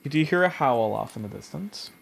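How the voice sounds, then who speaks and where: A man narrating a tabletop game as game master, slowly and with hesitant pauses. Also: mid-range voice, expressive, gravelly, slightly rough.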